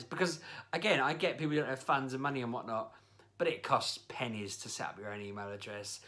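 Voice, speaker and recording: A man ranting in a casual vlog, his voice bright and cutting. He talks like someone fed up and grumbling, piling one complaint onto the next as he tells his story. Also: mid-range voice, steady tone, fairly quick. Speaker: vlogger. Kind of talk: casual spoken rant.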